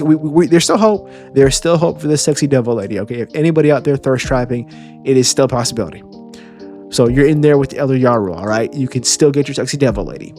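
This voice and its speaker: A man's voice: fairly high pitch, a little mellow. Stammering, joking man reviewing a chapter. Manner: rambling, stammering repeats, joking with profanity. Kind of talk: casual chapter reaction.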